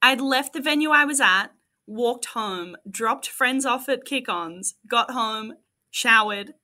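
Bright-voiced woman storyteller. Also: on the high side, takes it slowly. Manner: animated storytelling. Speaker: podcast co-host. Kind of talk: casual chat.

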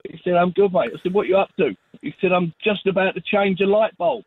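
A male caller tells a story over a tinny phone line. His voice is fairly high, and he talks in a relaxed, easy way. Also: brisk, no room sound. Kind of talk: telling a joke story.

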